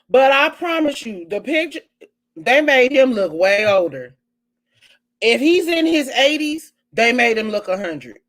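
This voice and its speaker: A woman hosting her own live online show, chatting casually and animatedly with viewers, full of exclamations and asides. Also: a little high. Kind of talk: casual live-stream chat.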